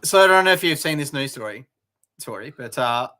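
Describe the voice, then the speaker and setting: A man's voice: mid-range voice, expressive, a little fast, sharp tone. A man with an Australian accent co-hosting a casual comedic news chat, laid-back and sarcastic, often trailing off. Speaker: co-host.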